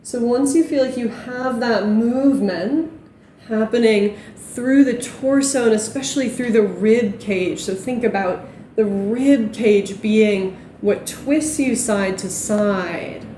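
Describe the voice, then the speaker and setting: A young woman teaching a yoga class, gently cueing breath and movement. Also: a little high, slow pace, reverberant, slight background noise. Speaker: yoga instructor. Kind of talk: guided yoga class instruction.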